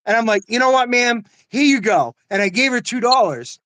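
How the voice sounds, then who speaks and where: A man's voice: extremely high pitch, lively intonation, brisk, a bit bright, no echo. An older man in casual conversation, telling stories earnestly with frequent "you know what I mean" asides. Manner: laughs often. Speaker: host.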